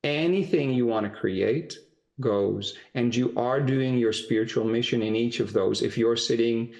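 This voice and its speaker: A man's voice: medium pitch, vocal fry, darkish tone. A man giving a private spiritual coaching session in an encouraging, flowing way, stretching out his key words. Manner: encouraging, flowing, drawn-out emphasis. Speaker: spiritual teacher.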